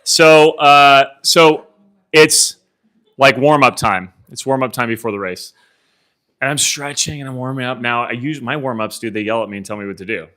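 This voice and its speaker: A man coaching a room of agents live, telling an animated story of his own race, acting out his inner thoughts and swearing casually. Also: medium pitch, moderate pace. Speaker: CEO coaching real estate agents. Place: meeting room with a live audience.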